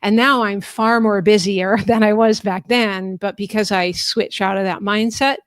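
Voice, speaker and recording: Woman coach, mid pitch, friendly teacher's manner, dry video-call sound. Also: steady tone, moderate pace, dry recording. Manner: friendly, instructive, laughs often. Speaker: life coach and author. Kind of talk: explaining a coaching method in a live online talk.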